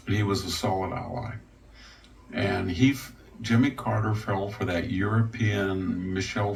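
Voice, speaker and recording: An older man giving rambling, wry political commentary with a gravelly voice, now and then mocking others in their voices. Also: on the low side. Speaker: guest commentator. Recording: distant mic with faint noise.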